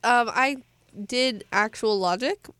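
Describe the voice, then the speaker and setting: A woman's voice: on the high side, takes it slowly, pushed and bright, clear, resonant tone, no echo. A teenage girl co-hosting a casual podcast, giggly as she reads out trivia questions in a radio studio. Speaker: co-host reading trivia questions.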